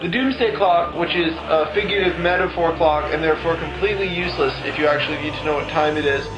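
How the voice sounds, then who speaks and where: A man's voice: a little high, fast. A young man recapping a story in a rambling, profane comic way, acting out characters in silly voices. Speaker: comedic recapper. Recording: echoey room with music behind.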